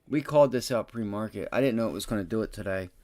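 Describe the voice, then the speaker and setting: Profane, excitable male trading streamer. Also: fast talker. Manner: profane, blunt, excitable, swings from muttering low to loud bursts. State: frustrated. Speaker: livestream day-trading host. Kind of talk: live trading commentary.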